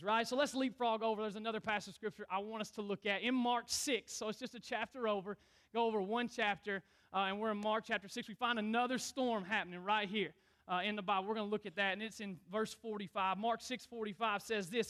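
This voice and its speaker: A young man, a youth pastor preaching a lively sermon in church and calling on the congregation to answer back. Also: sits high, fairly quick. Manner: energetic, calls on the crowd to respond.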